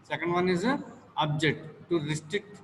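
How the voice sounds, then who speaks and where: Slow-talking Indian English male teacher. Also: on the high side, a bit bright, a little hiss or hum. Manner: slow and repetitive, with many "uh" fillers and drills. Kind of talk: classroom lecture on word stress. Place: classroom. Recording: long hall reverb, faint ambience.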